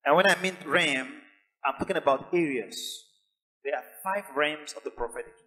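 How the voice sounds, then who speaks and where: A pastor preaching a sermon, building to emphatic, repeated lines. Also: male voice, fairly high pitch, normal speed, bright, forceful tone, rough recording. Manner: preaches with rising intensity and emphatic repetition.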